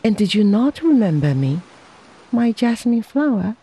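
Brief: quiet, murmuring young man, loving and sad, slow and soft, as a reader plays him. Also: medium pitch, very animated, slightly rough, pitched above the performer's own voice, heavily acted. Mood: tender. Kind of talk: audiobook dialogue reading.

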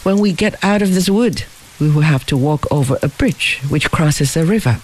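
A reader as a proud, formal gentleman fugitive. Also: medium pitch, expressive, normal speed, a little hiss or hum, lightly acted, low-quality recording. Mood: resolute. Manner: formal, wordy speech.

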